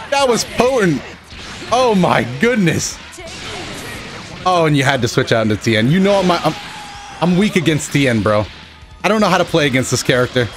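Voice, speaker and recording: A young man giving excitable, joking commentary over his own fighting-game matches, yelling at big moments. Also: high-pitched. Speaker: gaming channel host. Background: game music.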